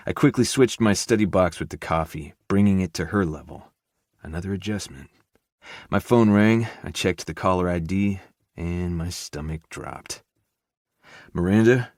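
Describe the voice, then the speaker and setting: Low, dry male audiobook narrator. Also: dry recording. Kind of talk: first-person audiobook narration.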